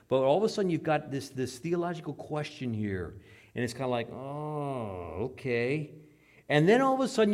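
A pastor preaching a sermon, reading scripture aloud dramatically and dropping into quiet asides, asking the congregation questions. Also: male voice, mid-range voice. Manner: dramatic, swings between loud scripture reading and hushed asides.

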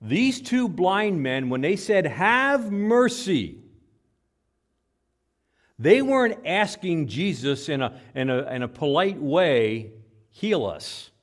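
A man preaching a sermon in church, animated, repeating words and acting out the quotes. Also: fairly high pitch, a little slow, hardly any pauses. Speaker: pastor. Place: church with microphone.

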